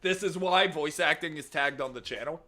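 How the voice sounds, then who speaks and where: A young man, streaming a game and bantering loudly with chat. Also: on the high side, normal speed, a little hiss or hum. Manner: loud joking banter, swearing, shouting greetings. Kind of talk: casual gaming livestream chat.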